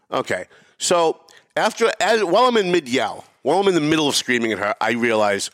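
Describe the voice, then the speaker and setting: A man's voice: a little high, very animated, a little fast, a bit bright, dry recording, clean studio sound. A middle-aged man hosting a talk show, telling a heated story with emphatic swearing and mimicked voices. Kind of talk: animated storytelling rant.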